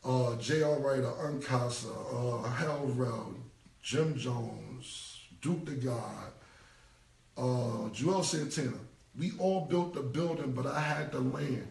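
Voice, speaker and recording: A man's voice: mid-range voice, takes it slowly, gravelly, darkish tone, roomy sound, distant mic. A man, talking bluntly and repetitively in a casual live-stream rant. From United States. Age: 40s. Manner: blunt, repetitive street talk. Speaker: rapper.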